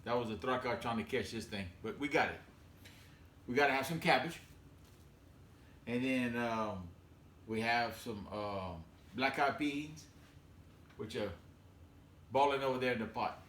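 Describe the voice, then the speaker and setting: A man's voice: mid-range voice, a little slow, long pauses, a bit bright, echoey room, a little hiss or hum. A man hosting a casual home cooking demonstration, talking in a folksy, rambling way with many fillers. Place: home kitchen.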